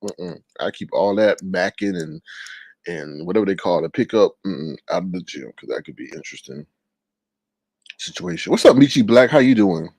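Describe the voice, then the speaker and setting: A gravelly-voiced man at a moderate pace hosts a live stream of casual storytelling chat. He's animated, leaps into high, exaggerated voices when quoting others, and teases viewers by reading their comments out loud. The audio is studio quality without echo.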